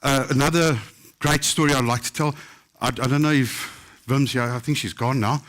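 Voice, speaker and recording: At a book festival, a South African chef tells anecdotes to a live audience, performing the voices of the people he quotes. His mid-range voice is a bit bright, with fairly even intonation and a moderate pace.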